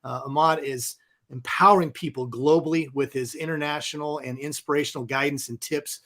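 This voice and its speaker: A man's voice: fairly high pitch, fairly even intonation, fairly quick, fairly bright tone. A man from Texas co-hosting a panel, introducing a guest in a friendly way. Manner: friendly, reads a formal bio. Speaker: co-host.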